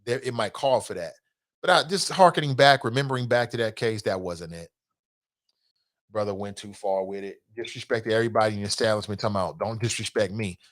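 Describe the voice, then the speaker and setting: Animated, laughing male talk show host. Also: lowish voice, fairly quick. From Cincinnati area. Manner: animated, laughing, drops into quoted voices. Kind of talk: casual talk show monologue.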